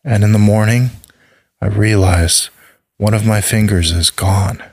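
Low-voiced man narrating a dark tale. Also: steady tone, measured pace, no room sound. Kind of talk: scripted narration.

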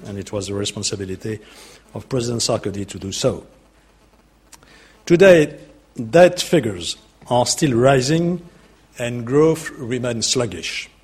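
Husky-voiced French statesman speaking. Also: mid-range voice, lively intonation, darkish tone. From France. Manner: measured, deliberate, with hesitant fillers. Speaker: statesman giving a speech. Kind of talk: formal political speech.

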